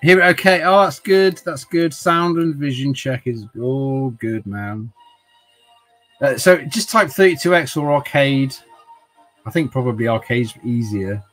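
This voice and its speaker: A man's voice: medium pitch, a little slow, fairly bright tone, soft background music. A man hosting a casual livestream, rambling and chatting with viewers by name while a little tipsy from wine. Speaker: livestream host.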